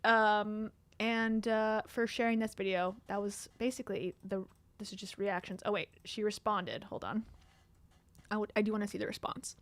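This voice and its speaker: A woman's voice: medium pitch, steady tone, normal speed, no echo. A woman hosting a casual commentary show, reacting to online videos in a candid, chatty way and laughing often. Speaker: host.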